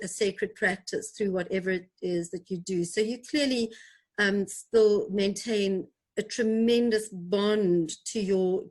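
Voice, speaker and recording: A woman hosting an interview, responding in a reflective and thoughtful way. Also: mid-range voice. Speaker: host.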